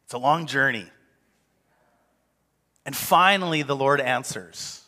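Animated male pastor with a bright, forceful voice, conversational sermon, reverberant hall sound. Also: medium pitch, slow. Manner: animated, conversational, acts out quotes.

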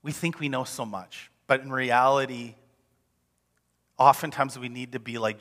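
A male pastor preaching a sermon in an animated, conversational way. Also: mid-range voice, moderate pace, in a large hall. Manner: animated, conversational, acts out quotes.

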